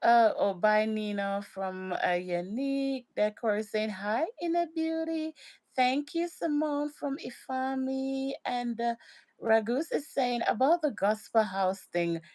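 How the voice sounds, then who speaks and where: A woman's voice: a little high, takes it slowly, a little mellow. A woman hosting a casual livestream who laughs often and reads out viewer comments. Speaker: livestream host.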